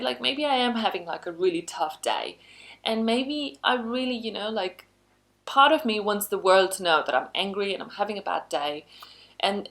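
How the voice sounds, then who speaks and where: A woman's voice: mid-range voice, a bit bright. Chatty woman trainer, upbeat and conversational. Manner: chatty, frequent "you know" asides, upbeat emphasis. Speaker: workplace skills trainer. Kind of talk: conversational online lesson.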